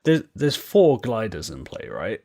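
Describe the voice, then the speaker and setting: A man's voice: lowish voice, huge pitch swings, measured pace, dark tone. Wry man co-hosting a podcast. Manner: wry, joking asides and questions. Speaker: podcast co-host. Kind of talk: casual chat.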